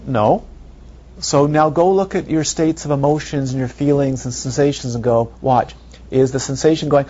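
A man's voice: mid-range voice, normal speed, warm tone. A man giving a meditation talk, repeating phrases and asking playful rhetorical questions, on a dull lo-fi recording. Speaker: meditation teacher. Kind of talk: dharma talk. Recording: dull lo-fi recording, faint hiss.

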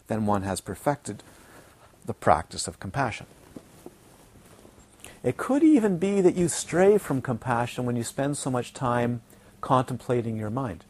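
A man teaching a dharma talk to retreat students, playful and animated, repeating words for emphasis and mimicking his students. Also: mid-range voice. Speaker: Buddhist teacher. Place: retreat centre teaching hall.

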